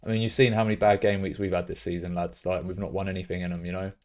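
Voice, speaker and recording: Excitable British streamer, low voice. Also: male voice, very fast, soft background music. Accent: British English. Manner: excitable, loud bursts of cheering and swearing. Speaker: streamer hosting a fantasy football stream. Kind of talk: casual live-stream chat, reading out chat messages.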